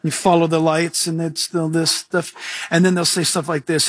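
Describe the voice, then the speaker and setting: A man delivers a sermon in a high, bright, slightly husky voice. He tells stories and cracks jokes with frequent chuckles, slipping into playful impressions of other people. The sound is close and dry. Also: moderate pace, dry recording. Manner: mimics other people in lively asides. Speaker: pastor.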